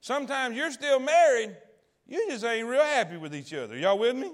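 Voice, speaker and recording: Extremely high-pitched and very animated, this male pastor preaches at a moderate pace. He narrates a story colloquially and folksily, moving between booming and hushed moments while quizzing his listeners.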